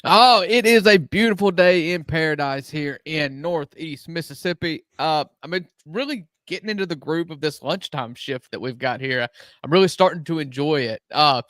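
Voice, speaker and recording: A man co-hosting a sports show, relaxed and friendly with lots of "uh"s. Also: on the high side, normal speed, no echo. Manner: relaxed, friendly, with many fillers. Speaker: podcast co-host. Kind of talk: casual sports talk.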